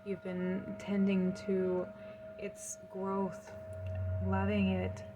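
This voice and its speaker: A woman giving a pick-a-card tarot reading in a gentle, soothing, emotional and effusive way. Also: mid-range voice, completely flat delivery, drawn-out words, music in the background, poor audio. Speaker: tarot reader.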